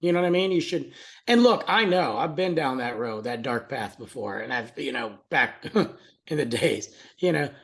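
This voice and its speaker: A man co-hosting a relaxed podcast, telling an everyday story with lots of energy. His pitch jumps up when something amuses him, and he laughs often as he talks. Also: normal speed, gravelly. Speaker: podcast co-host. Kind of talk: casual chat, telling a family story.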